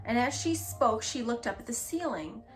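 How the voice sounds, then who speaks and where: A woman reading a children's book aloud in a gentle, expressive storytelling manner. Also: a little high, normal speed, faint music behind. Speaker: storybook reader.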